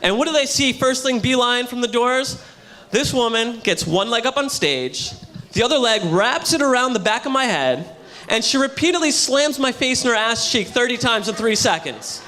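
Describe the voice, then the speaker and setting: A man doing a loud, punchy stand-up comedy set on a hotel ballroom stage, with a live audience audible. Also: extremely high pitch, expressive, normal speed, a little hiss or hum. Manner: loud, punchy delivery to a crowd.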